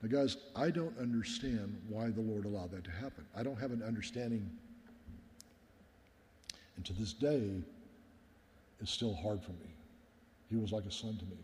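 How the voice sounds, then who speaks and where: A man's voice: lowish voice, moderate pace, long pauses, a little mellow, a little hiss or hum. A middle-aged man, a pastor, giving a sermon as an earnest personal story and often calling his listeners "guys.". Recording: long hall reverb.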